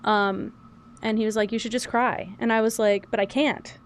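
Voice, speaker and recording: A young adult woman streamer chats casually and openly while playing a game, animated and talkative, calling herself loud and yappy. Her voice is a little high at normal speed, with slight background noise.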